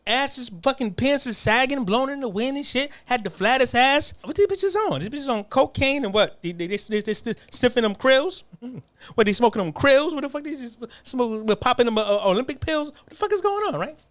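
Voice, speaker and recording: A man's voice: very high voice, expressive, a little fast, fairly bright tone, no echo. A man delivering a crude, heated political rant, often stammering repeated words. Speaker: political commentator.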